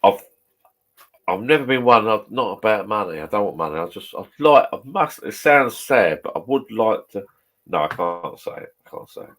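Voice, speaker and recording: Bloke, fifties, low voice, a few beers in, rambling sweary chat in his pub shed. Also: lively intonation, moderate pace, fairly bright tone. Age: 50s. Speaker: vlogger.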